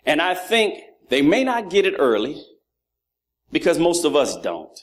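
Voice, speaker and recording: On the high side and unhurried, a man in his thirties gives a sermon full of funny family stories. He animatedly performs his children's voices while tying tales of his sons to lessons on fatherhood.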